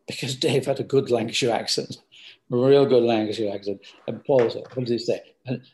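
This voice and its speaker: Older guy, gravelly, rambly interview answers, lots of false starts. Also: medium pitch, normal speed, darkish tone. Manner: rambling, hesitant, many restarts. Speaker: business founder.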